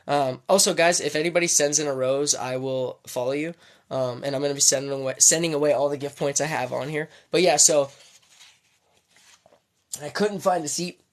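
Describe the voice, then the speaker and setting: Guy rambling on a live stream, kinda high voice, dry close sound. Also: moderate pace, no echo. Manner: rambling, full of fillers and restarts. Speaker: livestreamer. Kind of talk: casual livestream storytelling.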